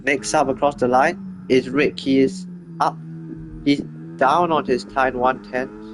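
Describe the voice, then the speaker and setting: Male race caller, average-pitched voice, rapid self-correcting commentary over faint background music. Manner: quick, chatty, corrects himself often. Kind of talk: live sim racing commentary.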